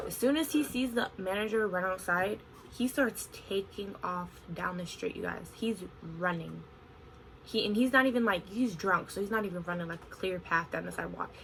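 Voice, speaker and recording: Young woman vlogger, bright tone, animated storytime delivery, faint room hum. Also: medium pitch, normal speed, rough recording. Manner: animated, expressive retelling with frequent "like". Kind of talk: casual storytime vlog.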